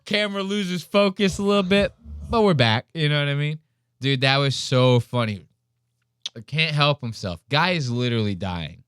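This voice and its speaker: A man's voice: fairly high pitch, expressive, normal speed, fairly bright tone, clear, resonant tone, dry recording, studio quality. A young man hosting a podcast, joking crudely and full of slang as he reacts to a video. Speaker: podcast host. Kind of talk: casual commentary on a video.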